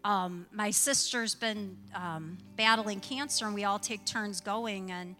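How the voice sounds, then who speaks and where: A woman pastor preaching a sermon in earnest, slow, emphatic phrases with stories. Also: mid-range voice, bright, forceful tone, in a large hall, faint music behind. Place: church.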